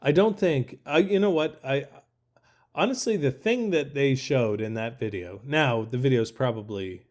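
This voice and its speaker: A man's voice: mid-range voice, moderate pace, darkish tone. A man co-hosting a podcast in casual chat, rambling with plenty of hesitations. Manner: rambling, hesitant, many ums and restarts. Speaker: podcast co-host.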